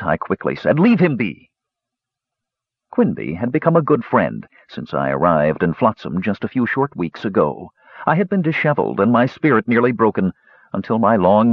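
A man reads a first-person fantasy tale in a husky, lowish voice with big swings of pitch. The recording is dry and a little dull, with no room sound. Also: no room sound. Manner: expressive, theatrical storytelling. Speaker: audiobook narrator. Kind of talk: scripted first-person story narration.

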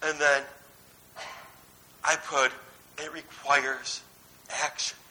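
A man in his thirties preaches in a relaxed, story-driven way, shifting between animated asides and quiet emphasis. His voice sits high for a man and rings very bright and forward. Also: extremely slow, low-quality recording. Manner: conversational, anecdotal, swings between lively and hushed. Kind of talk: sermon.

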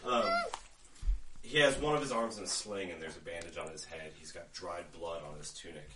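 A man running a tabletop game as game master, narrating in a relaxed way with many fillers. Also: low-pitched, brisk, roomy sound, recorded from a distance, slight background noise, poor audio.

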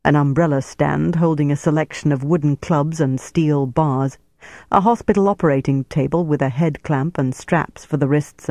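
Mellow man narrating an audiobook. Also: a little high, no room sound. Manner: measured, steady storytelling with deliberate pauses. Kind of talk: scripted narration.

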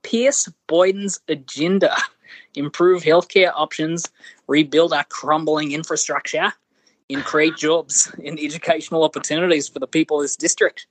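A man voicing an upbeat male Australian campaign caller, with an Australian accent and a chirpy scripted sales pitch. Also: steady tone, moderate pace, dry recording, natural voice.

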